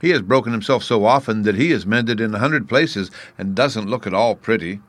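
A man's voice: lowish voice, fairly quick, no echo, natural voice. A man voicing a frightened, prim young china princess in a storybook reading, his voice raised well above his own. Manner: fearful, then prim and scolding.

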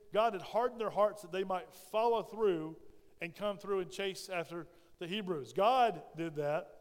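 A man's voice: high voice, long reverb tail. A male pastor preaching a sermon in a folksy, storytelling way, often checking in with "right?". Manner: frequent "right?" check-ins.

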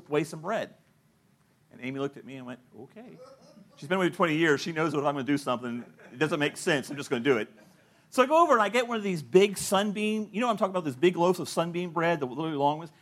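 A man's voice: fairly high pitch, expressive, fast talker, a bit bright. A middle-aged male pastor preaching a sermon, telling stories and acting out the people he quotes, often laughing at his own points.

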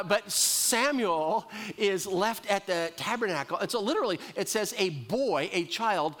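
Male preacher, middle-aged, slightly high voice; lively storytelling sermon delivery. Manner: storytelling, acts out characters' lines, slows for emphasis.

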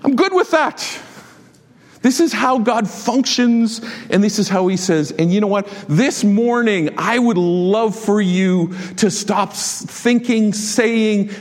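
A man preaching a sermon as a pastor, emphatic and exhorting his congregation with quick asides. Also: sits high. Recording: long hall reverb.

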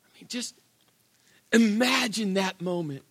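A man preaching a sermon, telling the story with animated, acted-out quotes and rhetorical questions. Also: high-pitched, measured pace. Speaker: pastor.

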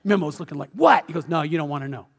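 A middle-aged man preaching with a notably high voice. He tells stories animatedly, playing out each voice, then grows hushed and earnest. The sound carries a long reverb from a large church hall. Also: a little hiss or hum. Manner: animated storytelling, acting out quoted voices; drops to soft, slow, intimate appeal at the close. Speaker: pastor. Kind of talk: sermon.

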